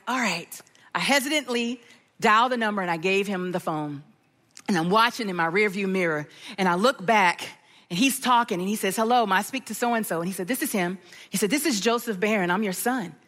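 Preaching in a large hall, a high-pitched middle-aged woman animatedly recounts something from her own life. She brings the people in the story to life by voicing them herself.

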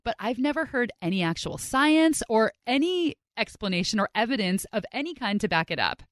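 A woman podcast host narrating in a chatty, expressive way. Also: on the high side, brisk, no room sound. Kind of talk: scripted narration.

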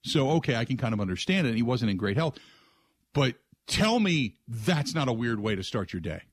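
A middle-aged man hosting a radio show, telling a rambling story in a casual way, with restarts and lively quoted voices. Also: mid-range voice, moderate pace, no room sound, clean studio sound. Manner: rambling, restarts, animated when quoting others.

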